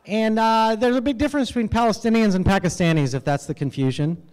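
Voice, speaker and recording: A man from the United States performing an animated, self-deprecating stand-up set at an awards event, with halting fillers. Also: high voice, clean tone. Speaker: stand-up comedian. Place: event hall with audience laughter.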